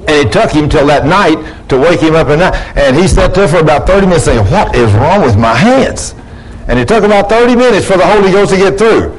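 A man's voice: sits high, expressive, fast, hardly any pauses, slight background noise, rough recording. Preacher telling stories to his congregation. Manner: storytelling, acts out dialogue with rising emphasis. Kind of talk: sermon. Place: church before a congregation.

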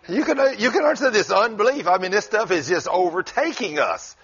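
A man's voice: sits high, quick pace, hardly any pauses, a bit bright. A man who preaches, telling a story in casual conversation in a folksy way and chuckling as he goes. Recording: dull lo-fi recording.

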